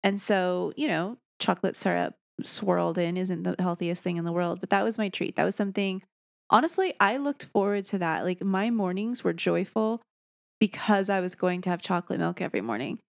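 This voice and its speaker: A woman's voice: on the low side, fairly quick, creaky, dry recording, studio quality. A young woman co-hosting a podcast, telling a story in a casual, self-deprecating way, sleep-deprived as a new parent. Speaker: podcast co-host. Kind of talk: casual chat.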